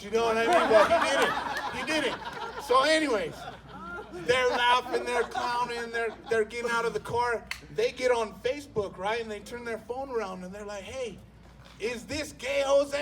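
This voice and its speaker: High-voiced profane stand-up storyteller man. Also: distant mic. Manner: profane, animated, acts out characters with voice shifts. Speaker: stand-up comedian.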